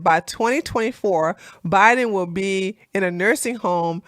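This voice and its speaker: A woman hosting a casual political chat livestream, animated and laughing, with lots of fillers and restarts. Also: medium pitch, measured pace, no echo, clean studio sound. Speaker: livestream host.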